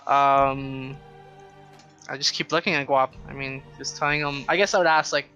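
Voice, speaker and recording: A man's voice: mid-range voice, fairly even intonation, normal speed, sharp tone, highs cut off, soft background music. A man playing a tabletop game, rambling with many likes and you-knows. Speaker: player. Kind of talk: casual tabletop play.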